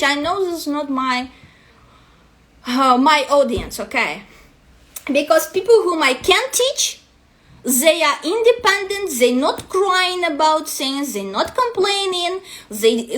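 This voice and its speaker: A woman's voice: high-pitched, a bit bright. A woman coach with a non-native English accent, ranting bluntly and profanely to her vlog audience. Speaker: destiny matrix coach.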